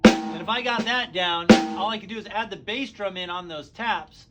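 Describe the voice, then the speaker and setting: A man giving a casual drum lesson in a relaxed, easygoing way, full of fillers, counting strokes aloud as he plays. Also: high voice, normal speed, over loud music. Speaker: drum teacher. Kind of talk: casual instructional talk. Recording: speech over loud drumming. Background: loud drum kit playing.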